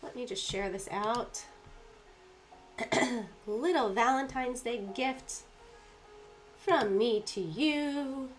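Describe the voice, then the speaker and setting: A woman hosting a stock market livestream in a casual, chatty way, congested and often clearing her throat as she walks through her screen setup. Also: a little high, extremely slow, pauses often, slight background noise.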